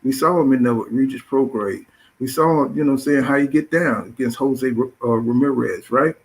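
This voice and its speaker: A middle-aged man talks boxing in a loose, profane, rambling way, working filler phrases into nearly every sentence. His voice sits at an ordinary middle pitch. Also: brisk, rough recording. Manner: profane, filler-heavy, says "you know what I'm saying" constantly. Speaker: boxing show host. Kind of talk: casual boxing talk.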